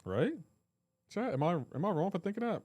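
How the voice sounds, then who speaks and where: A man's voice: high voice, big pitch swings, brisk, darkish tone, dry recording. A man hosting a live game stream, joking around in casual chat and answering his viewers' comments aloud.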